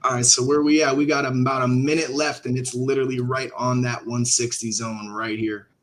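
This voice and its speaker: A man hosting a live trading stream over online voice chat. He talks in a casual, slangy way and thinks out loud. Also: medium pitch, level tone, brisk. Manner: laid-back and slangy, thinks aloud. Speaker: livestream host and trader.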